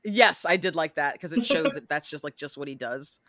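A woman hosting a podcast in casual chat, animated, with many fillers, acting out scenes as she talks. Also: low-pitched, normal speed, over a noisy crowd. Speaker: podcast host.

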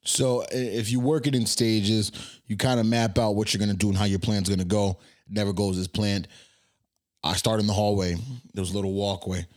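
A man in his twenties hosting a podcast, telling a party story in a casual, animated way and acting out his own lines. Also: lowish voice, fairly quick. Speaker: podcast host.

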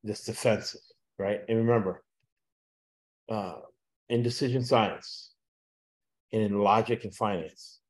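Low-voiced man rambling about football picks. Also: steady tone, measured pace, pauses often. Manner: rambling, frequent "uh" fillers, laughs at own jokes. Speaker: sports betting podcast host. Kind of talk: casual chat with picks.

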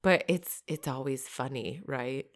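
A woman's voice: extremely low pitch, a little slow. A young adult woman co-hosting a podcast, chatting casually and reading funny stories aloud with easy laughter. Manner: relaxed, laughs easily. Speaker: podcast co-host.

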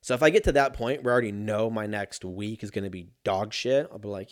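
Young guy ranting about fast food, swears a lot, rambles, does little mock voices. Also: fairly low pitch. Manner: profane, rambling, animated, slips into mocking quoted voices. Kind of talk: casual comedic rant.

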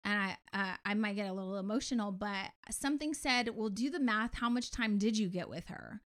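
Woman podcast cohost, chatty and heartfelt, mid pitch, just talking. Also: fairly quick, fairly bright tone. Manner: heartfelt storytelling, chatty and emotional. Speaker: podcast co-host and parent. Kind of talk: casual chat.

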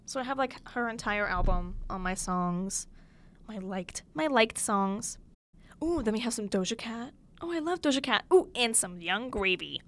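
A young woman hosting her own podcast alone in a small studio, chatting casually and gushing, swinging between loud bursts and soft near-whispers. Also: medium pitch, lively intonation, normal speed. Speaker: podcast host. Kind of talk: casual solo podcast chat. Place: small studio room with a window.

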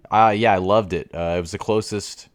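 A man's voice: lowish voice, steady tone, fairly quick, no room sound. A young adult man co-hosting a podcast in casual chat, laid-back and prone to repeating words as he trails off. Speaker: podcast co-host.

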